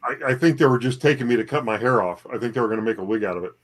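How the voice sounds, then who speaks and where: A man chatting as a guest on a livestream, halting and repeating words, with dry humor. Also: medium pitch, a little hiss or hum. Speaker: guest reseller. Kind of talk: casual livestream chat.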